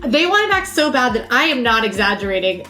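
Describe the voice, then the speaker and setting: A woman's voice: a little high, big pitch swings, brisk, bright, forceful tone. Chatty woman co-host, explaining. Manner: chatty, explains at length with many "like"s and "um"s. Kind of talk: casual chat.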